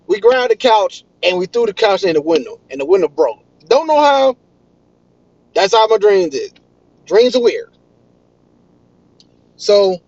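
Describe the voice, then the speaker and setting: A young man, excitedly telling a story in casual vlog style. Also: sits high, dry recording. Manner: excitable, animated retelling. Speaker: vlogger. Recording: dull, lo-fi dry recording.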